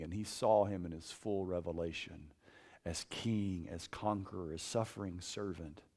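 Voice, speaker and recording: A man preaches to students in a loose, conversational way. He is animated, then drops to a quiet, intense hush to drive a point home. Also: low-pitched, vocal fry, breathy edge. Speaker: campus preacher. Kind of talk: casual sermon.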